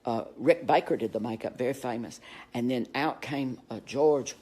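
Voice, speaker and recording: A man in his sixties talking casually to camera, animated and flamboyant, swooping up into high exclamations as he tells gossipy stories. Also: moderate pace. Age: 60s. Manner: gossipy anecdotal storytelling. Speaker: actor telling stories to camera. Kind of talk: casual social media monologue.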